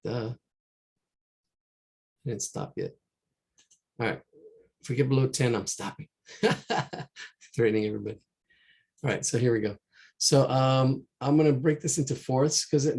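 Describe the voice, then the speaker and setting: A man's voice: mid-range voice, gravelly, a little mellow. A man teaching a live online drawing class, talking casually and repeating himself as he works through a painting on a shared screen. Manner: casual, rambling, repeats himself while working. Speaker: art teacher. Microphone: computer mic during a screen share.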